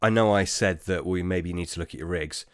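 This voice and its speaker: A man with a very low voice talks through listener questions in a relaxed, rambling way, full of ums and restarts. The sound is dry and close, with almost no room. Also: fairly quick, smooth, dry recording. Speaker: podcast host. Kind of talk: casual chat answering listener questions.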